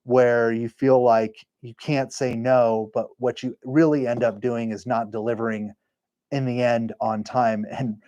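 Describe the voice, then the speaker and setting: Man, livestream host, warm mellow tone, rambling and chatty. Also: mid-range voice, flat delivery, measured pace, no room sound. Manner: rambling, self-correcting, chatty. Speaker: livestream host and engraving business owner. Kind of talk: casual live-stream chat.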